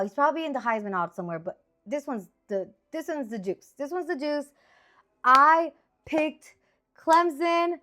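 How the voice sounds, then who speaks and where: A woman in her thirties with a slightly high voice talks through her picks in a loose, chatty style. She rambles and jumps into excited exclamations, sounding animated and informal. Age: 30s. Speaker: sports picks host. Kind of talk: casual chatty sports picks.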